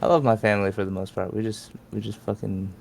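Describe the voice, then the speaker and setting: A man's voice: on the low side, flat delivery, quick pace, creaky, darkish tone, a little hiss or hum. A man telling a story in a laid-back, profane way, full of "like" fillers. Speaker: podcast storyteller. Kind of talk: casual storytelling.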